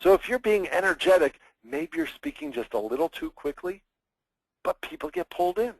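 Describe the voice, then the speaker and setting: A man presenting a public speaking webinar with a lively, swooping voice that climbs high and drops low. He talks with energy and acts out examples in playful mock voices. The sound is dry and close. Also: moderate pace, creaky, dry recording, low-quality recording.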